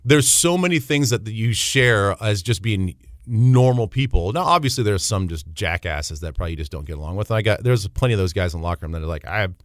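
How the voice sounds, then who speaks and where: A young man speaking as a podcast guest, expressive and loose in casual conversation. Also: fairly low pitch, fast, no echo. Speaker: guest, sports broadcaster. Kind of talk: casual chat.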